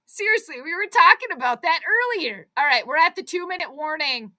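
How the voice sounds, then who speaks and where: A young adult woman hosting a live sports stream, reacting to the game in an excitable, exclamatory, chatty way. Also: high voice, normal speed. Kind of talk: live play-by-play reaction commentary.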